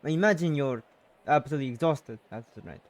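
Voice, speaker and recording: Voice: mid-range voice, fast talker, dry recording, pitched below the performer's own voice, natural voice. A streamer reading a polite young heroine who speaks formally and with concern.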